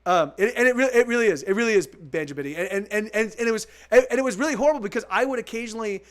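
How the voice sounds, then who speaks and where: A high-pitched male voice races along as a forties-aged musician chats casually with his stream viewers. He rambles, starts over and repeats himself constantly, cursing freely throughout.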